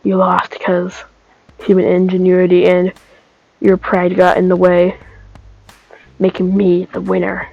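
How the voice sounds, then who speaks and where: A woman voicing a young male hero who calmly explains how he won. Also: lowish voice, a little slow, creaky, pauses often, dry recording, phone-quality sound. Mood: smug. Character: angry young male hero, smug in victory.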